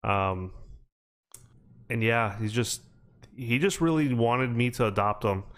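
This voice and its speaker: A man's voice: mid-range voice, slow, a bit bright. A man hosting a podcast, telling stories in a casual, rambling way with plenty of fillers. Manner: rambling storytelling with many fillers. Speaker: podcast host. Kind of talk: casual chat.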